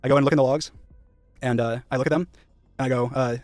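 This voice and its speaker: Fast-talking young man ranting on stream. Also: mid-range voice, steady tone, a little mellow, no echo. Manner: rambling, emphatic, swears often, acts out past conversations. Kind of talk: casual live-stream rant.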